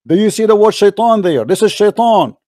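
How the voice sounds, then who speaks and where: A man's voice: high voice, lively intonation, fairly quick, dark tone, dry recording, studio quality. A man hosting a heated debate, repeating questions and interrupting his opponent. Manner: repetitive, pressing, interrupting. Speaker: debate host.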